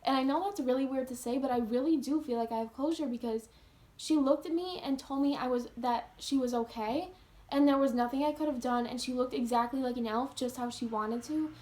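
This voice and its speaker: Brief: young woman vlogger, high voice, earnest, chatty, lots of "like". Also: fairly quick, a little mellow. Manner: earnest, heavy use of "like". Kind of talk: casual storytelling to camera.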